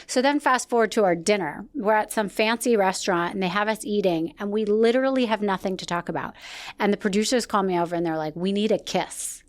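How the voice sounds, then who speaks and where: Podcast host lady telling a story, animated, acts out the quotes. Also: mid-range voice, fast. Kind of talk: casual podcast chat.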